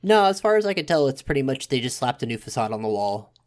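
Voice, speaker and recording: Easygoing man in mid-pitch podcast chat. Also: sing-song, quick pace. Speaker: podcast co-host. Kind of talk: casual chat.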